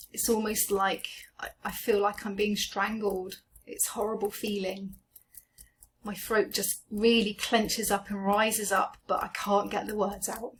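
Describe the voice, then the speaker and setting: A woman coaching a guided EFT tapping session, speaking slowly and gently as she names each tapping point. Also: mid-range voice, a little hiss or hum. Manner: slow, gentle, soothing guidance.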